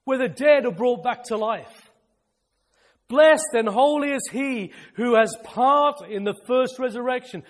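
A male preacher delivering a fervent sermon, repeating phrases for emphasis and sometimes shouting with excitement. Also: very high voice, measured pace, big-room sound.

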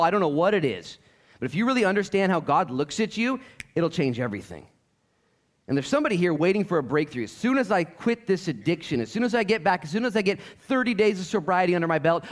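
A middle-aged male pastor preaching a sermon in an animated, joking way, swinging from loud bursts to hushed asides and mimicking voices. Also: on the high side. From Oregon coast, USA.

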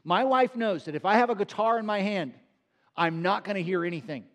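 A middle-aged man preaching a sermon, earnest and emphatic, repeating key phrases and drawing them out slowly. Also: high voice, fairly bright tone. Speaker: pastor.

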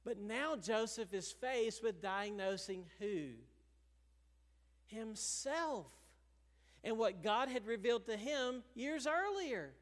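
A man with a notably high voice preaches from the pulpit and carries his words along with chuckles. He breaks into little acted-out quotes now and then. His voice rings through a church sanctuary with a long reverb tail. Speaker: pastor. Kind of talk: sermon.

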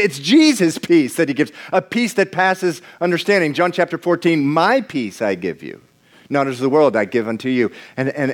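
Man, preacher, conversational sermon, questions to the room, restarts and repeated words, middle-pitched voice.

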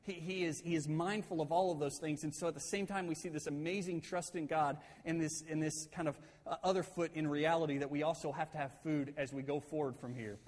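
A male pastor preaching a sermon, retelling a story in an animated way with frequent restarts. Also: on the high side, brisk, few pauses. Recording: long hall reverb.

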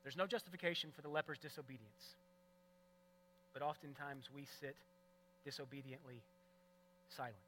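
A male pastor preaching a sermon in an earnest, emphatic way, moving between loud stresses and hushed moments. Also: on the high side, fairly even intonation, normal speed, long pauses, a little hiss or hum, low-quality recording.

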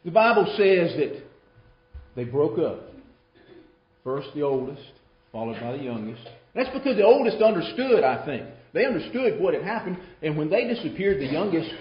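A man preaching a sermon, telling the story dramatically and swinging between loud emphasis and hushed, quiet lines. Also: on the high side, very animated, normal speed. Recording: roomy, dull live sermon recording.

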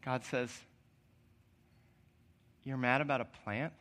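A preacher voicing God, hushed and tender. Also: male voice, mid-range voice, fairly even intonation, slow pace, voice pushed down. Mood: tender pleading. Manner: hushed, gentle, pleading. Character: God, a tender, pleading divine male voice. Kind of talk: sermon.

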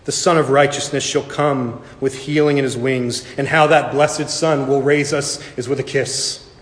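A man preaching a sermon and telling a story, earnest and slow, dropping soft for emphasis. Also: medium pitch, steady tone. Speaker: pastor. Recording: echoey hall reverb.

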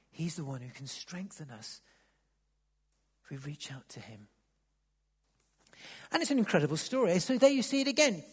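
A man preaching a sermon, dropping to near-whispers, then rising to loud emphatic bursts, often repeating words as he restarts. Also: a little high. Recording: long reverb of a large hall.

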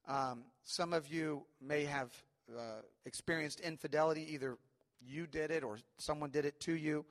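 A man's voice: on the high side, steady tone, normal speed, big-room sound. A man preaching a sermon as pastor, talking in an earnest, conversational way with frequent fillers and check-ins to the congregation. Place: church sanctuary.

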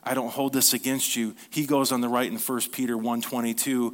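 A man preaching a sermon in an earnest, conversational way, reading scripture slowly and asking his listeners questions. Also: level tone. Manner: reads scripture slowly, then rises in pitch and energy.

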